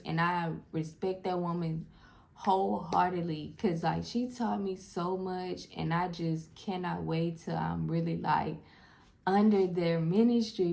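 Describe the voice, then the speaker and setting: A woman's voice: lowish voice, creaky, a little mellow. A young woman telling viewers a personal family story in a casual, heartfelt way, often calling them "y'all" and filling with "like". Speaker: vlogger sharing a personal story. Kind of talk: emotional personal storytelling to camera. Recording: faint background noise.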